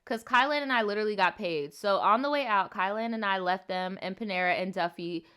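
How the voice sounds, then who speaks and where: A woman's voice: medium pitch, a little fast, a bit bright, clear, resonant tone. A woman hosting a casual livestream storytime, reading viewer stories and adding sassy, profane, slang-filled commentary.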